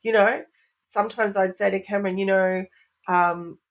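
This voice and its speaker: A woman's voice: mid-range voice, steady tone, normal speed. Earnest woman explaining parenting ideas. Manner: earnest, explanatory, strings of rhetorical questions. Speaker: parenting expert guest. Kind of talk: podcast interview answer.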